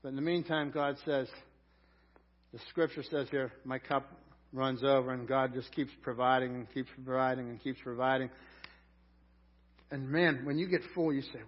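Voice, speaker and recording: A man preaching a sermon in a conversational way, rising loud on scripture lines. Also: medium pitch, steady tone, normal speed, long pauses, lo-fi sound. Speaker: pastor.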